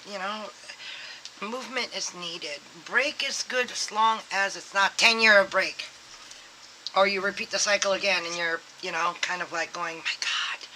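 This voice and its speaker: In a medium-pitched voice over some background noise, this tarot reader rambles casually through a reading. She leans on fillers and performs the quoted thoughts aloud.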